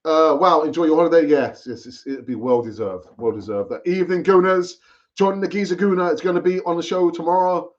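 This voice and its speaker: A man's voice: fairly high pitch, fairly quick. A man hosting a live football fan stream, chatting casually and repeating himself as he urges viewers to comment. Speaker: fan channel host. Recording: dull lo-fi stream audio.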